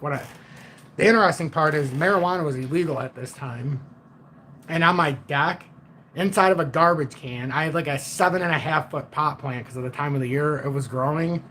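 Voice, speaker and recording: A man with a fairly high voice tells a story on a casual livestream, blunt and profane, retelling what happened with animated energy. A faint hiss of noise sits under his voice. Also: a little fast. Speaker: livestream host.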